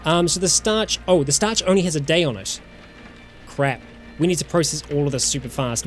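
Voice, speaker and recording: A man's voice: on the high side, animated, moderate pace. Kiwi guy streaming a survival game, chill running commentary, faint music behind. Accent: New Zealand. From New Zealand. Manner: casual, thinking aloud, chatting with viewers. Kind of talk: live gameplay commentary.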